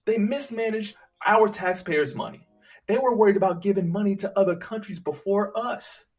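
A man ranting profanely, swinging from low muttering to loud, high-pitched outbursts. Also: moderate pace. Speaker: commentator. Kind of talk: profane political rant. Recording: voice a bit far from the mic, faint music behind.

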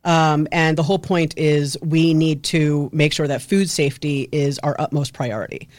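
A woman's voice: deep voice, steady tone, moderate pace, a little mellow, no room sound. A woman from New York, a guest in a studio interview, explaining her nonprofit work in an upbeat, easy manner. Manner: upbeat, laughs easily. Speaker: guest, nonprofit regional head. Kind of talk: interview answers.

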